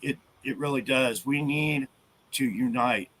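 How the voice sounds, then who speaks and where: A man talking earnestly as a guest in a casual video chat, halting and restarting his sentences often. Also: medium pitch, fairly bright tone, a little hiss or hum.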